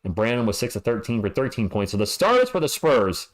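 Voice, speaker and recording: A man's voice: medium pitch, sing-song, fast talker. A man hosting a fan livestream, calling play-by-play and ranting in frustration, often stammering when upset.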